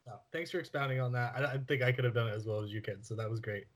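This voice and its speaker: A man's voice: medium pitch, rapid-fire. A man co-hosting a film podcast, talking casually with blunt, sarcastic, profane remarks. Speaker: podcast co-host.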